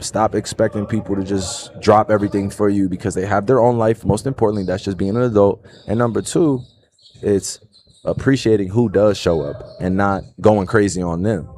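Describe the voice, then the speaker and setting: A livestream host in his thirties with a New Jersey accent speaks in a lowish voice. He talks to his viewers in an earnest, reflective monologue and keeps checking in with "right?". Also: a little mellow, a little hiss or hum. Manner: earnest, repeats "right?" and "you know".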